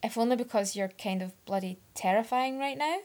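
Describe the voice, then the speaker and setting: A woman's voice: a little high, a little fast, darkish tone, close to an everyday voice. A woman voicing a smug, dismissive young man in a story reading. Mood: wary. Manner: dismissive, needling.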